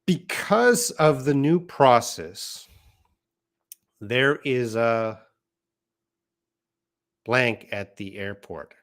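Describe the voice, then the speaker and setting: Man, english teacher, live-stream lesson, slow careful pace, reads comments aloud. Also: medium pitch, lively intonation. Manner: reads viewer comments aloud, explains patiently.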